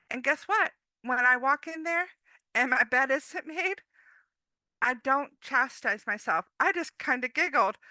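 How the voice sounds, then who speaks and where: A woman's voice: sits high, no room sound. A woman giving an upbeat, chatty motivational talk as a guest speaker, often acting out what others say. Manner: upbeat, chatty, quotes others in lively voices. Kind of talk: motivational talk, casual and personal.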